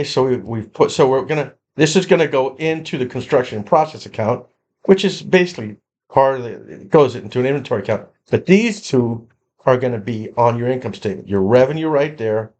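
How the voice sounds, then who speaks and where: A man's voice: mid-range voice, expressive, a little fast, darkish tone. A man teaching an accounting lesson, explaining spreadsheet entries in a conversational way with frequent repeats and restarts. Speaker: accounting instructor. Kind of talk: screen-recorded lecture walkthrough.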